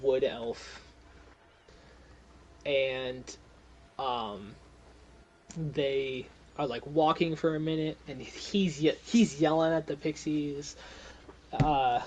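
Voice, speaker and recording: A young man running a tabletop game, rambling through the scene at an unhurried pace with lots of fillers. His voice sits a little higher than most men's, with a faint hiss of noise behind it. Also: steady tone, darkish tone, low-quality recording. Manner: rambling, filler-heavy, often laughing. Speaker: game master.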